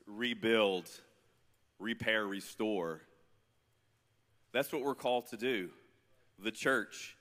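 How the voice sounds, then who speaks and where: A man in a low voice speaks to a church congregation. He is friendly and earnest, picking up speed as he gets excited. A long church-hall reverb follows every phrase. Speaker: ministry director. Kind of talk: church talk. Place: church sanctuary.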